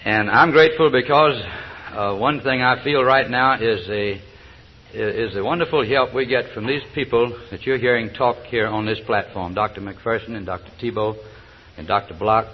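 A man's voice: medium pitch, normal speed, slight background noise. An older man giving a personal testimony at a recovery meeting, telling stories in a folksy way with chuckles and hesitant fillers. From South Georgia, US. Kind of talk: personal testimony talk with jokes. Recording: dull old lo-fi recording.

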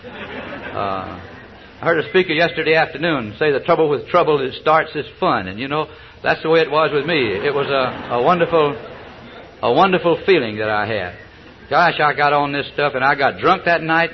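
An older man from South Georgia in the US gives a personal testimony at a recovery meeting, spinning folksy, joke-filled stories with chuckles and hesitant fillers. His medium-pitched voice is animated and moves at a normal speed. The dull, lo-fi old recording carries a little hiss or hum.

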